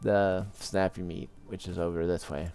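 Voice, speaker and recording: A man casually commenting on his own game play as a let's-play host, relaxed and rambling. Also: sits low, normal speed, vocal fry. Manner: relaxed, rambling, with many fillers. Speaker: gaming video host.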